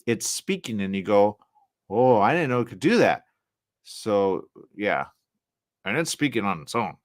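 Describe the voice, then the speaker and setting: A man hosting a radio talk show alone, rambling in a loose, animated way, jumping into quoted voices and trailing off into mumbles. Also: on the low side, unhurried, no echo, studio quality.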